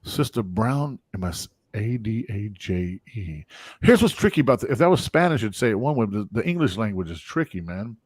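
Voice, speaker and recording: A man's voice: on the low side, a little fast, breathy edge, dry recording, studio quality. A man hosting a casual live-stream podcast, hyping sponsors and welcoming viewers by name. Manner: animated, hype, reads sponsor plugs and viewer comments. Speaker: podcast host.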